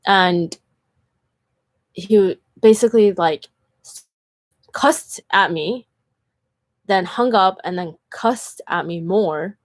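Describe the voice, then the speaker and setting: A woman's voice: on the low side, slow pace, long pauses, no echo. A woman vlogger telling personal stories in a casual, earnest way, with lots of "like" fillers. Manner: chatty, heavy use of "like" fillers; earnest and candid. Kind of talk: casual storytelling vlog.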